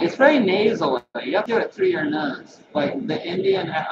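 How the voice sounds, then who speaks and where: A man hosting a casual live-stream monologue as a holistic health practitioner, chatty and animated, laughing at his own jokes. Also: sits high, normal speed, gravelly, hardly any pauses, highs cut off, very noisy.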